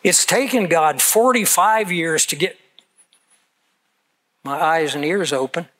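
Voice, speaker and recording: An older man in his seventies delivers a sermon, slipping easily into personal stories. His voice sits a little higher than most men's, and his delivery is earnest and conversational. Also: expressive, slow, a bit bright, low-quality recording. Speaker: pastor.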